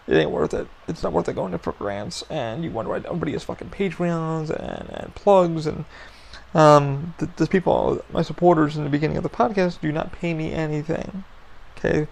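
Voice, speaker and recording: A man's voice: on the high side, creaky, darkish tone, rough recording. A man hosting a podcast, venting frankly in a casual monologue, blunt and full of swearing. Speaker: podcast host.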